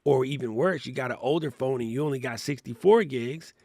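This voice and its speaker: Talking fairly quickly, a middle-aged man with a mid-range, slightly mellow voice co-hosts a casual tech and creator podcast. He laughs as he explains things one step at a time, and the studio-quality recording has no room sound.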